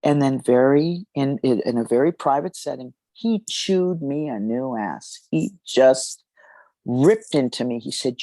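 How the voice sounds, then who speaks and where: A jazz singer, a woman, telling a story in an interview in an expressive, halting way with fillers. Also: extremely low pitch, dry recording.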